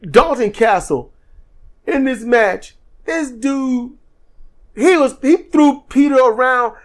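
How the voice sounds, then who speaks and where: A man co-hosting a podcast, giving an animated, joking wrestling review in casual chat. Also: extremely high pitch, slow. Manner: animated, acts out quotes in silly voices; joking, laughs often. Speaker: podcast co-host.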